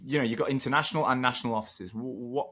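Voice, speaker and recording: A man's voice: mid-range voice, very fast, pushed and bright. A man hosting a podcast, asking short questions and giving brief agreements. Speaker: podcast host. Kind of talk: interviewing, brief prompts.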